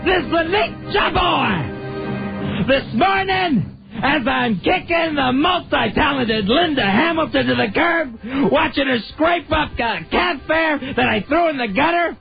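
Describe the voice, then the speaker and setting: A radio co-host doing an impression of a brash, shouting wrestler cutting a promo, full of "Woo!" yells. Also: male voice, very high-pitched, lively intonation, unhurried, vocal fry, exaggerated voice. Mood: boastful. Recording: dull lo-fi radio broadcast with music.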